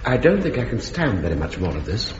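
An actor playing a mild, genteel middle-aged sergeant who drawls vaguely and is overly polite. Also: male voice, lowish voice, big pitch swings, a little fast. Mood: languid. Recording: dull, roomy sitcom soundtrack with long reverb and noise.

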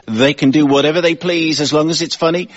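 A man hosting a comedy panel show, briskly announcing scores and turns. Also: on the high side, fairly even intonation, lo-fi sound. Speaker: quiz show host. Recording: radio recording with loud audience.

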